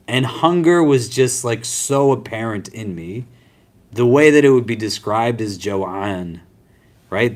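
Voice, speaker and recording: A man's voice: medium pitch, animated, moderate pace. A man teaching a class on prayer in a casual, conversational way, often checking in with his students.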